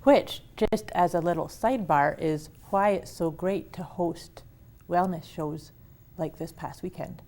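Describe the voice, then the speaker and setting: A woman's voice: lowish voice, a little slow, darkish tone. A woman hosting a casual conversation about wellness, talking with enthusiasm and frequent restarts. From Canada. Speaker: host.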